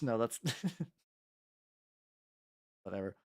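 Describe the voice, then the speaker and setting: A young man streaming as a VTuber, rambling casually as he paints miniatures. His pitch swings up and down as he talks, and he keeps restarting sentences. He jokes about himself in an easygoing way. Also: very animated, moderate pace. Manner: rambling, self-deprecating, lots of restarts and fillers. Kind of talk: casual chat while painting.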